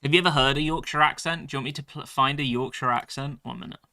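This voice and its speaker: A man's voice: mid-range voice, steady tone, fast talker, bright, forceful tone. A male streamer chatting casually about his game and reading chat messages aloud. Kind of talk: live-stream gameplay commentary.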